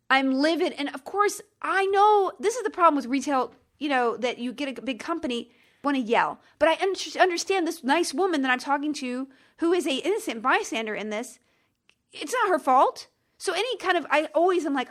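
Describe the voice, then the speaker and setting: A woman podcast host in middle age rattles off a story in a high, bright voice. She swings between wry asides and exasperated outbursts, acting out each phone call as she goes. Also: a little fast. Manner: animated, exasperated, acts out phone calls in quoted voices. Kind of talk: casual storytelling monologue.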